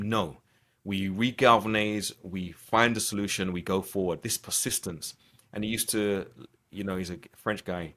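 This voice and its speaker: A man's voice: low-pitched, steady tone, moderate pace, a bit bright. A man being interviewed on a podcast, talking earnestly and reflectively, often restarting his sentences. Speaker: podcast guest. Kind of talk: conversational interview.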